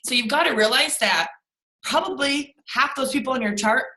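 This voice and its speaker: A woman's voice: high-pitched, moderate pace, sharp tone. Emphatic woman on an echoey video call. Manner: emphatic, repeats for stress. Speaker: team leader. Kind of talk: motivational team call.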